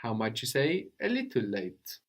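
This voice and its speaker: A man teaching a language lesson, patient and probing, often checking with a quick "no?". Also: mid-range voice, huge pitch swings. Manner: patient, prompts with questions, tag "no?".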